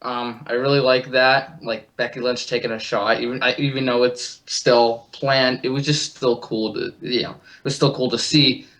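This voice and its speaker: Male caller, mid-pitched, relaxed, hesitant fillers. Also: moderate pace, hardly any pauses. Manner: easygoing, laughs, hesitant fillers.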